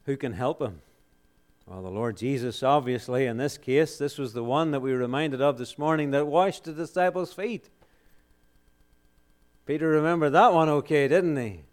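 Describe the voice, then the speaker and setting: At a moderate pace and in a mid-range voice, a man preaches, asking rhetorical questions and then answering them forcefully. He moves back and forth between loud outbursts and hushed, solemn moments.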